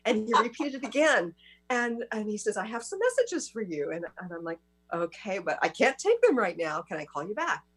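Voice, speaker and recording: A woman's voice: mid-range voice, very animated, normal speed, slightly rough. A woman hosting an interview, chatting casually and affirming her guest often. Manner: warm listener, frequent affirmations. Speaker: host.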